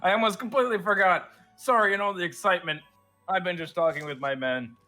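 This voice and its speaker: Cheery, high, bright-voiced army general, as a man puts him on, big and effusive. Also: fast talker, faint music behind. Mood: jovial. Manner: hearty, effusive, exclaiming. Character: jovial, boisterous male army general.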